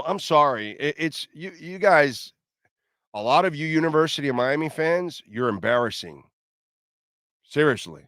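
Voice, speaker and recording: Middle-aged guy on sports radio, kinda high voice, dry close mic, blunt and opinionated. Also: fairly bright tone, no echo. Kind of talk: sports talk radio rant.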